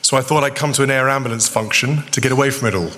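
A man's voice: mid-range voice, rapid-fire, background noise. A man giving a formal gala speech with dry, understated humor. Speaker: public speaker at a gala. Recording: reverberant hall.

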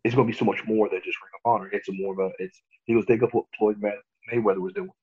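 A young adult man, a pro wrestler, telling stories in a casual interview, animated and quick to laugh. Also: fairly low pitch. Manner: animated, laughs often, acts out quotes. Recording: tinny phone-like line.

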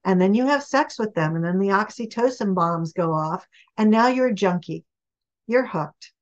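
Woman author guest talking love and relationships, punchy and animated, slightly muffled sound. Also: medium pitch, normal speed. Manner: emphatic, animated storytelling. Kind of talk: podcast interview.

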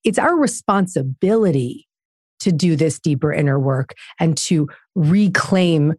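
A woman's voice: low-pitched, animated, a little slow, darkish tone, no echo, clean studio sound. Emphatic woman guest, preaching self-help. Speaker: guest author. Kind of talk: conversational interview.

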